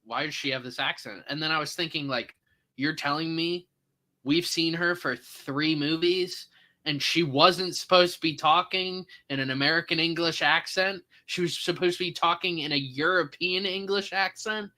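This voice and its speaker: Bright-voiced young man reviewing films. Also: on the high side, steady tone, moderate pace. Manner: stammering restarts, laughs, exasperated asides. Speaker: co-host of a movie review podcast. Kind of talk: casual conversational review.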